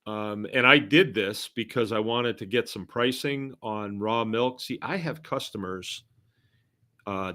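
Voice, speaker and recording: A man's voice: medium pitch, pushed and bright. A middle-aged man from Massachusetts hosting a casual live stream, reading viewer comments aloud and rambling along with chuckling asides. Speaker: host.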